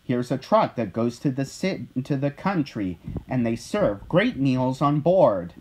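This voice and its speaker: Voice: mid-range voice, sing-song, measured pace, darkish tone, slight background noise. A reader doing a tiny piping ant. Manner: piping, chatty. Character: tiny chatty helpful ant. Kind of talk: storybook read-aloud.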